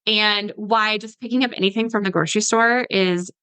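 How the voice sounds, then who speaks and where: On a podcast, a dietitian in her thirties explains supplements in an easygoing style, leaning on "like" and acting out what patients say. Her mid-range voice is fairly even in intonation and normal in speed, with a pushed, bright but clean tone. The recording is rough, though free of room sound.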